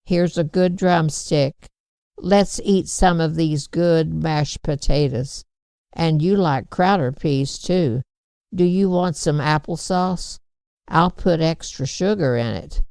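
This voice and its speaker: A woman reading aloud voices a gentle, worried farm mother in a storybook. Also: low voice, takes it slowly, clean tone, dry recording. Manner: gentle, soothing.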